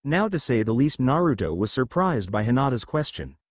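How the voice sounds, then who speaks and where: A man narrating a fan fiction story aloud, his pitch rising and falling in animated storytelling. The recording is close and dry, with no room sound. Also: a little fast, no room sound.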